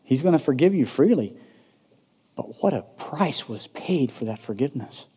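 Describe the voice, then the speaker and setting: A man preaching a sermon with passion, swinging from loud, rising declarations to hushed, intense lines. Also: mid-range voice, animated, normal speed, breathy edge. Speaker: pastor. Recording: long hall reverb.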